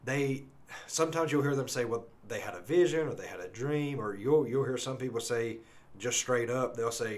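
In this conversational Bible-teaching podcast, the co-host speaks at medium pitch in an earnest manner. He takes scripture slowly and with emphasis before drifting into rambling talk full of restarts.

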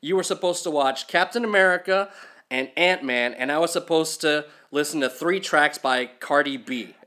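A man co-hosts a laid-back podcast, talking bluntly and swearing freely. His voice sits a little high for a man and has a bright, forward edge. He often repeats a word or two before his sentences get going. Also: moderate pace. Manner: blunt, profane, repeats words when starting sentences. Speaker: podcast co-host. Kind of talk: casual chat.

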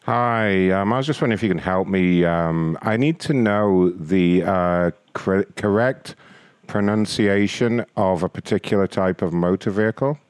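Low-voiced man making prank calls. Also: moderate pace, a little mellow, clean tone, no echo, faint music behind. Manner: playful, crude, mock-innocent. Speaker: prank call host. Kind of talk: prank phone call show.

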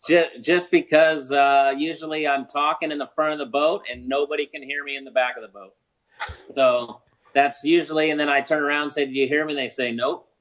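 Relaxed man chatting, muffled sound. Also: a little high. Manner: relaxed, halting, with fillers. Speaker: guest angler. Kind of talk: casual chat.

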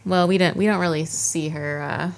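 A woman's voice: on the low side, steady tone, moderate pace. A woman co-hosting a casual TV recap chat, laughing often and acting out characters' lines. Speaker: podcast co-host.

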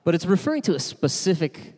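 A man's voice: on the high side, very animated, quick pace, a little mellow, breathy edge. A man in his thirties preaching a casual, conversational sermon, telling a family story with self-deprecating humor and lots of asides. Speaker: pastor. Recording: long hall reverb.

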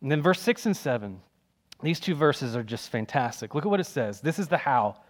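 A man's voice: on the high side, very animated, a little fast. Emphatic conversational male preacher. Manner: emphatic, conversational, repeats key phrases. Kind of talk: sermon.

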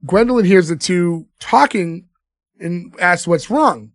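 A man's voice: sits high, lively intonation, slow, dry recording, studio quality. A man co-hosting a casual movie podcast, retelling scenes and laughing often. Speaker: podcast co-host. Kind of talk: casual movie-review chat.

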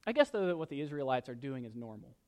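A man preaching a sermon, reading scripture loudly and slowing for emphasis, with light joking asides. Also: medium pitch. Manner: animated, rises loud when reading scripture, jokes asides. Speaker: pastor.

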